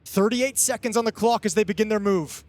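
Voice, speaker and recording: A man's voice: sits high, fairly quick, heavy background noise. A man giving live esports color commentary, analytical and conversational, often restarting his sentences.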